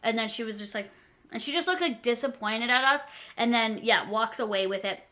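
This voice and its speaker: A young woman vlogger tells a story in a chatty, rambling way. Her voice is bright and sits a little high. She is animated and self-deprecating, with filler words everywhere. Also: fairly quick. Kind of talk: casual storytime.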